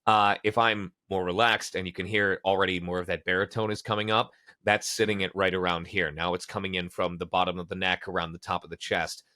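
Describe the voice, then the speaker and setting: A young man in his twenties, a voice actor talking in an interview, animated and somewhat nasal, with a throat that sounds worn out. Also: fairly quick. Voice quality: nasal when excited. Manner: animated, demonstrates vocal placement by shifting voice lower. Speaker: voice actor guest. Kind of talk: interview conversation.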